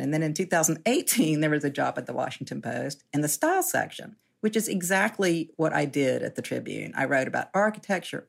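A woman's voice: low voice, vocal fry. A woman in her sixties telling her story casually as an interview guest, chatty and self-deprecating, often laughing.

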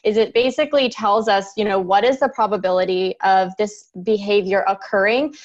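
A woman's voice: medium pitch, steady tone, moderate pace, highs cut off. Earnest woman behavior analyst explaining. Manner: earnest, explanatory, laughs lightly. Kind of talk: interview conversation.

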